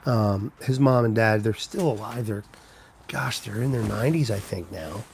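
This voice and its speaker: A man's voice: fairly low pitch, moderate pace, gravelly, a little hiss or hum. A man on a casual live stream, telling rambling stories and answering viewers' comments. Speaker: trucker livestreaming, reading chat.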